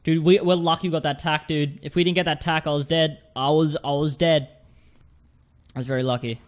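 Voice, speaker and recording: Chatty young Australian gaming streamer. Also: male voice, a little high, steady tone, a little fast. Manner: chatty, repeats words, talks to viewers. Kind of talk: casual gameplay commentary.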